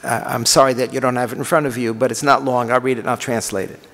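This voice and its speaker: A middle-aged man teaching a text class, reading Hebrew passages aloud and translating them, halting with fillers and restarts. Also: medium pitch, flat delivery, fairly bright tone. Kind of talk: lecture reading and translating Hebrew and Aramaic texts. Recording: long hall reverb.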